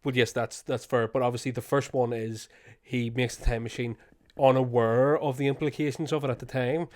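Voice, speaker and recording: Scottish male podcast co-host, mid pitch, ranting, swears constantly. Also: fairly even intonation, fairly quick, darkish tone. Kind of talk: casual rant.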